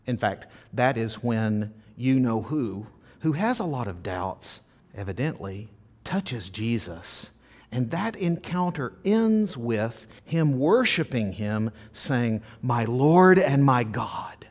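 Male pastor, live church sermon, lively swooping delivery, chatty, asks the congregation questions, dramatic scripture readings. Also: medium pitch, slow pace. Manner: conversational preaching, asks the audience questions; acts out scripture quotes dramatically. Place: church service before a congregation.

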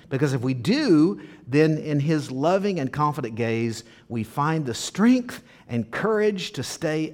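A man preaching a sermon to his congregation in a very expressive voice that rises and falls widely. He talks conversationally and tosses questions to the listeners. When he reads scripture aloud, he acts the lines out with real drama. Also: mid-range voice. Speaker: pastor. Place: church service before a congregation.

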